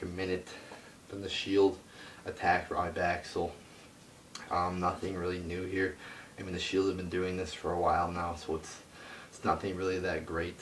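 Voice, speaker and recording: Deep-voiced man ranting in an echoey room. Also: a bit bright, a little hiss or hum. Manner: profane, exasperated ranting. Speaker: wrestling reviewer. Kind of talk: casual ranting review. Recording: echoey room, voice a bit far from the mic.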